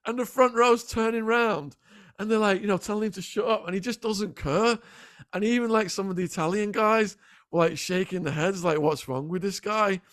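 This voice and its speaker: A middle-aged man, a podcast guest telling animated stories in a casual interview. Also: sits high, no echo, studio quality. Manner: animated, quick anecdotal storytelling. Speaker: podcast guest, former prisoner.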